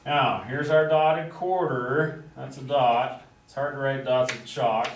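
A music instructor with a slow, mid-range voice teaches a class, patiently explaining and chanting rhythm syllables at a chalkboard. The recording is echoey, as in a classroom, with a distant mic and faint noise.

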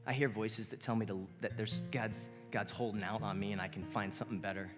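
A man's voice: on the low side, fairly even intonation, fairly quick. A man in his thirties preaching in a casual, earnest way with self-deprecating humor. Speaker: pastor. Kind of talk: sermon. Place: church sanctuary. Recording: long church hall reverb with guitar underneath.

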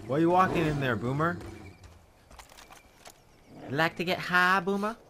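A man giving casual, jokey commentary while playing a video game, talking to himself and the in-game dog with sudden excited outbursts. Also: on the high side, measured pace, slight background noise. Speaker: gaming video host.

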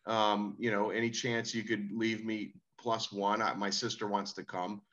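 A laid-back man telling a long anecdote as a podcast guest, his voice bright and forward in tone. The audio sounds a little dull and lo-fi, like a remote call. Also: lowish voice, flat delivery, normal speed. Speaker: musician guest. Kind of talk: casual interview storytelling.

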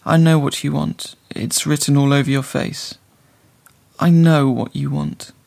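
A man playing a smooth, seductive stranger. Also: a little high, level tone, a little slow, a little mellow. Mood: insinuating. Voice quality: rich, resonant. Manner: smooth, insinuating.

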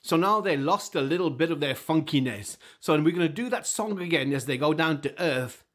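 A man telling a folk tale to children in a lively, animated way, inviting the audience to join in with voices and sounds. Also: a little high, normal speed. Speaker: storyteller. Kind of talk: interactive children's storytelling.

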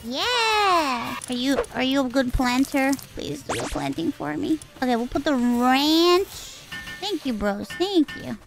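High, bouncy woman streamer squealing over gameplay. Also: measured pace, creaky. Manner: excitable, squealing and swearing, cutesy baby talk to creatures. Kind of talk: live gameplay commentary. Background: game music.

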